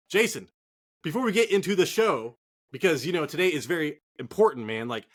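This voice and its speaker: A man co-hosting a fantasy football show from a cold garage, rambling and joking with plenty of swearing. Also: a little high. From Northern California. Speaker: podcast co-host. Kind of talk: casual profane sports chat.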